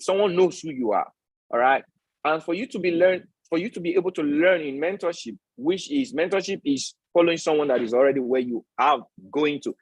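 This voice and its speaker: A man's voice: on the high side, slightly rough, no echo, poor audio. A man hosting a live-stream trading lesson, preaching his points and tagging them with rhetorical questions. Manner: preachy, repeats tag questions like "all right?"; asks the audience rhetorical questions. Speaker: trading educator and stream host.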